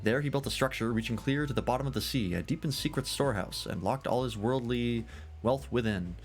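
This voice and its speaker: A man's voice: mid-range voice, brisk, a little hiss or hum, close to an everyday voice. A man reading game dialogue aloud in character, voicing a jovial, long-winded male scholar fond of drink, in a grandiloquent, theatrical storytelling manner.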